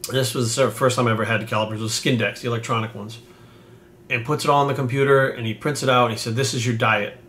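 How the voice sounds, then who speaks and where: A man in his forties from New England tells a story to camera, swearing freely and stumbling through fillers. His voice sits at an ordinary middle pitch for a man. A faint hum of room noise runs under his speech. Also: fairly even intonation, fast talker, fairly bright tone. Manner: profane, rambling, many fillers. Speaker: fitness coach.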